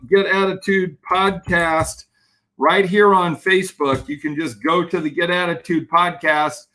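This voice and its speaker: A man with a high voice delivers a lively keynote-style motivational talk on a live stream, reading viewers' comments aloud and greeting each person by name.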